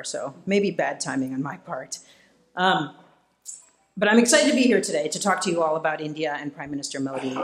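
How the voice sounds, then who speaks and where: A man giving a public talk A man addresses a live audience in an event hall, moving easily between policy points and self-deprecating stories. He often pauses on "uh" as he goes, relaxed and conversational rather than scripted. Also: on the high side. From Iowa, United States. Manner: relaxed storyteller, self-deprecating, frequent "uh" fillers. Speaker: guest speaker, policy fellow. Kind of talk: public lecture with personal anecdotes.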